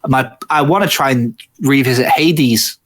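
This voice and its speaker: A man's voice: mid-range voice, unhurried, a bit bright. A man co-hosting a game podcast from home over the internet, chatting casually with many restarts and some swearing. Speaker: podcast co-host. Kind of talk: casual chat.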